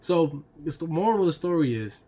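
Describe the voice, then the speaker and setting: A man's voice: on the high side, lively intonation, brisk, mellow. Chatty man telling a story. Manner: loose and chatty, laughs between lines, swears casually; fills talk with "you know" and "right?". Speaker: YouTube storyteller. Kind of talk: casual storytime vlog.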